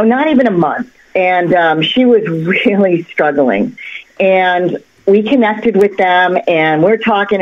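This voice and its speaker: A woman who works as a psychic, telling a story on a cable access talk show in an animated, chatty way with lots of fillers and restarts. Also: on the low side, dull audio. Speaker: psychic guest. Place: local access TV studio.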